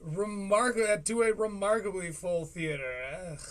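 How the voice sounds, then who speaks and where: Guy on a stream reacting to a clip, sarcastic and dry, voice a bit high. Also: measured pace, a little hiss or hum. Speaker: stream host. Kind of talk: casual reaction commentary.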